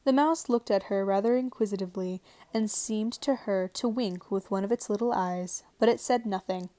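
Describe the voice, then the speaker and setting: A woman narrating a storybook aloud in a calm, even read-aloud manner. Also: mid-range voice, moderate pace, no room sound. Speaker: audiobook narrator. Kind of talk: storybook reading. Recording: dry home recording. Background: faint television sound.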